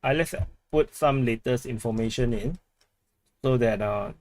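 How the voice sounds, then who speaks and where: A man with a Singaporean English accent hosts a live stream and talks loosely to his viewers. He repeats words as he goes and laughs a lot. His voice sits at an ordinary pitch and sounds dry and close. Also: measured pace, darkish tone, no echo. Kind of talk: casual live stream chat reading comments.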